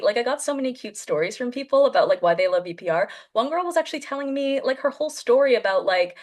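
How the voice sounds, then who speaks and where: Hosting a podcast over a video call, a woman tells a story casually and with animation, acting out the voices of those she quotes. Her medium-pitched voice moves quickly, with hardly any pauses.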